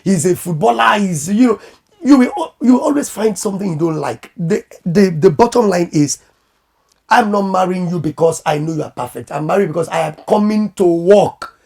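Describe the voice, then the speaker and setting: A man who is a pastor and marriage coach, giving animated advice in conversation and acting out quoted voices. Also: sits high, moderate pace, creaky, husky.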